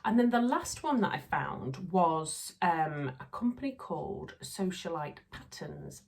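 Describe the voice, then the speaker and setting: A woman's voice: sits low, gravelly. A woman in her thirties with a Yorkshire accent, chatting casually and rambling with lots of fillers as a sewing vlogger. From Yorkshire, England. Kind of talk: casual chat.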